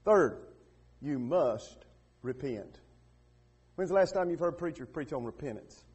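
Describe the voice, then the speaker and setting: A man preaching a sermon in a church, building from quiet, hushed passages to loud, emphatic peaks with repeated rhetorical questions. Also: fairly high pitch, expressive, measured pace, long pauses, husky. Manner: repetitive call-and-response questioning. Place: church with radio and online broadcast.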